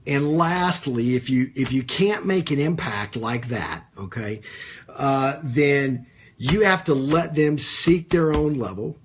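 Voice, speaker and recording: In a live-streamed business coaching session, this man talks casually, leaning on fillers and repeating himself, and pauses now and then to say hello to viewers by name. His voice is mid-range, and there's slight background noise.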